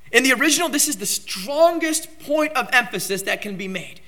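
A man preaching a sermon with emphatic delivery, surging into loud outbursts on key points. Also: high-pitched, expressive, a little fast, few pauses. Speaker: pastor.

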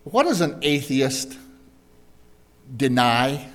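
A man preaching a verse-by-verse Bible lesson, slowly and deliberately, asking his listeners questions as he goes. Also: medium pitch, very animated, a bit bright. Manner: slow, deliberate, asks the congregation questions. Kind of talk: Bible teaching sermon.

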